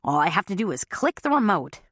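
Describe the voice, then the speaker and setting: Woman voicing stubborn older father, boastful, cheerful, lively pitch, dry close sound. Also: a little fast, dry recording.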